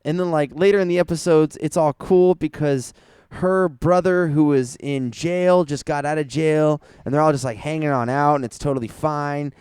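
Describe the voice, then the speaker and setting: A man's voice: fairly high pitch, steady tone, moderate pace, a little mellow, clean tone, dry recording, clean studio sound. A young man co-hosting a podcast, talking casually and rambling, swearing and laughing often. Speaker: podcast co-host.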